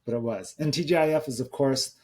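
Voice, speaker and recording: A man's voice: medium pitch, fast, a little mellow, breathy edge. A man in his thirties hosting a podcast, chatting casually in a rambling way, often restarting his sentences. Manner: rambling, conversational, with many restarts. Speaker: podcast host. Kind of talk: casual solo podcast talk.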